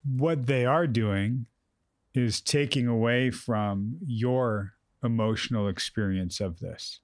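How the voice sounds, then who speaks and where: A man's voice: medium pitch, slow pace, no room sound, studio quality. A man guiding a grieving guest in a direct, probing and emphatic way. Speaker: host, counselor. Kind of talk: therapeutic conversation.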